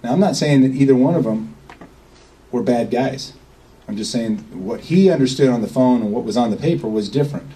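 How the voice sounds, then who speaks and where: A man's voice: medium pitch, lively intonation, brisk, dark tone. Folksy man talking from a distance. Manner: rambling, folksy, checks in with "okay?". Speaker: speaker at a meeting. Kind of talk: informal talk to a small group.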